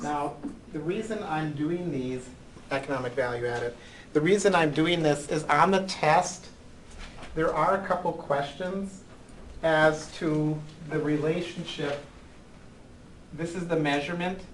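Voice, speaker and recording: A man's voice: a little high, slight background noise, low-quality recording. A man teaching a college class, lecturing with frequent ums and "right?" checks. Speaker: college accounting instructor.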